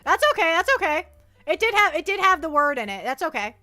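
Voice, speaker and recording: Very high, bright, excitable woman streamer. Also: fast, soft background music. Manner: excitable, giggly, stammering. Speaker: VTuber streamer. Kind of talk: casual livestream chat.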